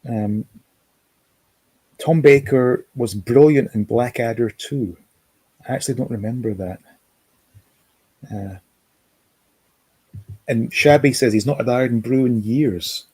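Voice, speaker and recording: A man's voice: medium pitch, slow, long pauses, a little mellow, slightly rough, no room sound. A man hosting a livestream, rambling casually, reading out chat comments and reminiscing. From Scotland. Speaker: livestream host. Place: home, lives in America.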